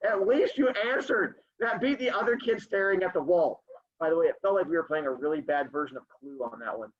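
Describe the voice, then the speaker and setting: A man's voice: a little high, a little fast. A male teacher reading a story aloud to his class over a video call, joking with the students between passages. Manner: playful, joking asides to students. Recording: dull lo-fi sound.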